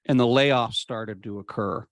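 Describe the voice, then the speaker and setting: A man of middle pitch talks as an interview guest. He is earnest and reflective and drags out words when he wants them to land. The sound is dry and close, with no room echo. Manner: earnest, reflective, slows down to stress points. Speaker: podcast guest. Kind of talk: conversational interview storytelling.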